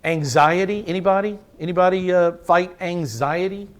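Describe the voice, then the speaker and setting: High-voiced man preaching a sermon. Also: moderate pace. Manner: emphatic, repeats words for stress, asks the congregation questions. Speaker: pastor.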